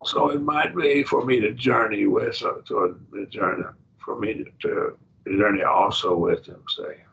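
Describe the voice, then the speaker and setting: Male Bible teacher, gravelly, thinks aloud over Greek words; dull lo-fi class tape. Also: on the low side, fairly bright tone. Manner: explains Greek word by word, slow and thinking aloud. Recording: dull lo-fi classroom recording with faint noise.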